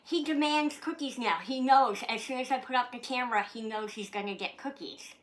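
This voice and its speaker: A woman's voice: a little high, normal speed, hardly any pauses, a bit bright. A woman from Canada chatting casually in her vlog, talking to her dog and swearing freely. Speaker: vlogger. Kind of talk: casual chat.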